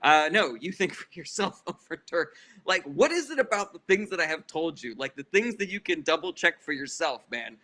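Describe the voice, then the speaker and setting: A man's voice: on the high side, sing-song, moderate pace, sharp tone. A man hosting a livestream Q&A on politics, answering chat questions in a heated, blunt, profane way. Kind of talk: casual livestream Q&A.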